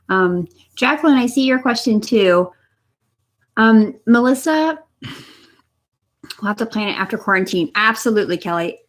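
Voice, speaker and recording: A young woman giving a spiritual energy reading on a live stream, talking softly and encouragingly to viewers by name from a room at home. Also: medium pitch. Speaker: energy reader. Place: home room next to her computer.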